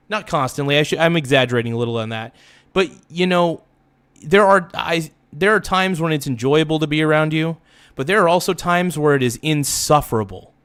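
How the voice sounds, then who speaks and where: A livestream host talking straight to someone in a heated, repetitive rant. He swears, stumbles into restarts and keeps correcting himself. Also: fairly high pitch. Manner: halting restarts and self-corrections. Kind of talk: livestream monologue.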